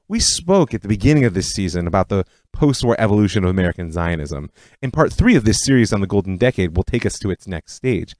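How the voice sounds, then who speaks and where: A man narrates a history podcast in a scripted storytelling style. His voice sits on the low side but moves a lot in pitch. The recording is dry and close. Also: no echo. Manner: storytelling, lively delivery. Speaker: podcast host.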